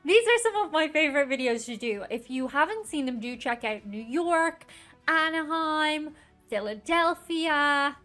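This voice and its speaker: A woman's voice: sits high, animated, a little slow, fairly bright tone, faint music behind. An Irish woman narrating a playful, upbeat travel vlog in which she rates pubs. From Ireland. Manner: playful, bubbly, with silly rhymes. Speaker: travel vlogger rating pubs.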